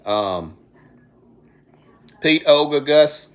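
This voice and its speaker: Streaming from his phone at home, this middle-aged Alabama-accented host rambles in a folksy way and talks to viewers by name. He sounds animated, with a higher voice and drawn-out words.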